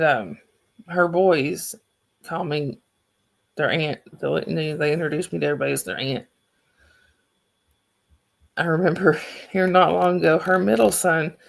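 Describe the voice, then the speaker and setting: Woman, Southern accent, livestream host, casual rambling chat, gravelly fry. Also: deep voice. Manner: rambling, chatty, restarts sentences.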